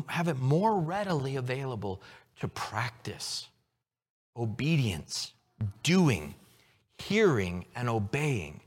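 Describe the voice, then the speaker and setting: Male pastor, sermon delivery, animated pitch, long hall reverb. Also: husky. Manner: earnest, teaching, slow emphatic scripture reading.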